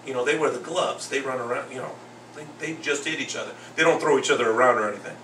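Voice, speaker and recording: On a laid-back boxing talk show, a mid-range male voice moves at a quick pace as the host, a second grade teacher, tells stories and performs other people's words with animation. He sits far from the mic, so there's roomy echo and faint noise.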